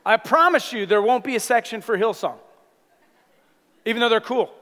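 A male senior pastor preaching a sermon in a church sanctuary, conversational and animated, with playful asides to the congregation. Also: very high voice, moderate pace, long pauses, big-room sound. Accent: Californian.

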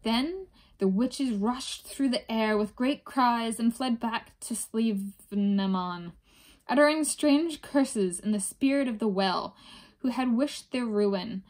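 A woman reading a folk tale aloud in a measured storytelling manner. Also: on the high side, darkish tone. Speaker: reader.

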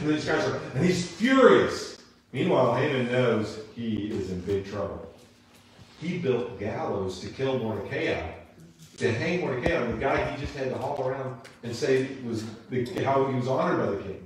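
A man teaching a Bible class in a church, retelling a story in an animated, casual way, recorded in an echoey room from a distant mic. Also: medium pitch, moderate pace, slight background noise. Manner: animated, casual, acts out characters. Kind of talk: lively storytelling lesson.

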